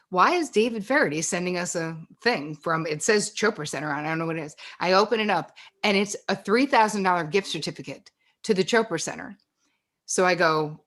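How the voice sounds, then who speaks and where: Woman host, warm-up storyteller on a video call, mid-pitched, chatty and laughing. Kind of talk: casual chat on a video call.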